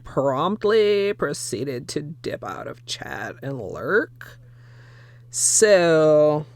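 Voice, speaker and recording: A woman's voice: sits low, a little mellow, dry recording, heavily acted. A woman voicing a ditzy Valley Girl as a bit on a livestream, stretching every word into a lazy drawl. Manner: slow, stretched-out drawl full of "like". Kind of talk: livestream bit for a viewer redemption.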